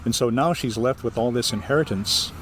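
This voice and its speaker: A man from Hawaii with a Hawaiian accent, telling a ghost story as a guest storyteller in a lively, animated way. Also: medium pitch, brisk, a little hiss or hum. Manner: lively, animated, acts out the voices. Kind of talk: oral storytelling in an interview.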